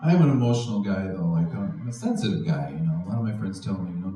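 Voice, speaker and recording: Animated male stand-up comic in echoey room. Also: fast. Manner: animated, jumps into high mocking voices for quoted people. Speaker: stand-up comedian. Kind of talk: stand-up comedy set. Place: art house venue with live audience. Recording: echoey room, distant mic, faint noise. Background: audience laughter.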